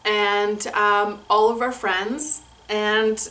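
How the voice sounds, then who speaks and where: A woman's voice: mid-range voice, flat delivery, extremely slow, bright, forceful tone. A young woman vlogger gushing through a personal story in casual chat, laughing often. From Canada.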